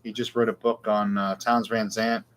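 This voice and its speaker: A man's voice: fairly low pitch, flat delivery, normal speed, background noise. A middle-aged man, hosting a casual live guitar Q&A with rambling, self-deprecating chat. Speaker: guitar shop show host.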